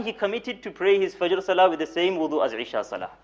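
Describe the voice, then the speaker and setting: A young man giving a mosque lecture, with a voice set a touch higher than most men's. He tells his stories at a brisk clip and repeats phrases to drive them home. The recording sounds dull and lo-fi. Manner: animated storyteller, repeats words for emphasis, light humor; recites Arabic rapidly. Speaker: moulana giving a weekly lecture.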